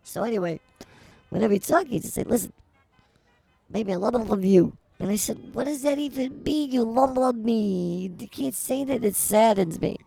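Someone playing an older woman, husky, gravelly, rambling, theatrical, comedy podcast, faint music behind. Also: mid-range voice, lively intonation, normal speed, no echo. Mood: gushing. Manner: rambling, theatrical, swings to shouting.

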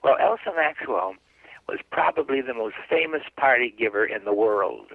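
A man's voice: medium pitch, expressive, moderate pace, gravelly, no room sound. An older man, a guest psychic, telling a long anecdote in a radio interview and acting out the dialogue as he goes. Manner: chatty anecdotal storyteller, acts out dialogue. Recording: dry, phone-like narrow line.

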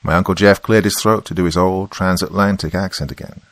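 A man's voice: sits low, steady tone, a little fast, no echo. A man narrating a first-person story in a wry, matter-of-fact way.

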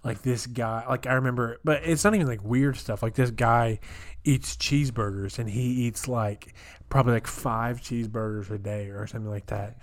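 A young man co-hosting a podcast, telling animated stories in casual chat, full of fillers and acted-out quotes. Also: mid-range voice, moderate pace. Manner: animated storyteller, many "like" fillers, acts out quotes. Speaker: podcast co-host.

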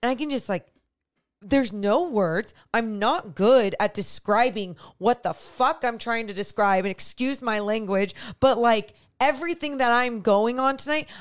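A young woman co-hosting a casual late-night podcast, exhausted and close to tears, rambling and halting as she talks. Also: fairly high pitch. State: exhausted and tearful. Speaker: podcast co-host.

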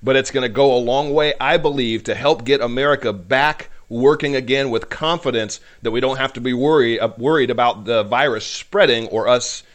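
A man's voice: medium pitch, moderate pace, few pauses, a bit bright. A man hosting a podcast, giving emotional faith-based commentary in a fervent, preacherly way, at times choked up. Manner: fervent, preacherly, voice rising with passion. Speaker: podcast host.

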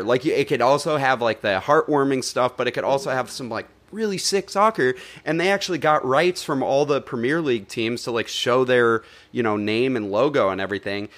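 Animated, swearing man in casual chat. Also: mid-range voice. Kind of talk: casual film review chat.

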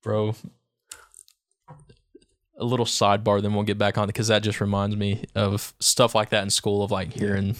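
A man's voice: on the low side, moderate pace, pauses often. A young man co-hosting a podcast, chatting casually and telling school stories with lots of laughter and slang. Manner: laughing storyteller, slangy, animated retellings. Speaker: podcast co-host. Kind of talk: casual chat.

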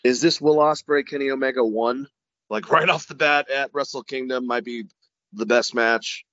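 A male podcast co-host in casual chat, relaxed and rambling as he talks. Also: mid-range voice, normal speed, no echo, lo-fi sound. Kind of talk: casual wrestling review chat.

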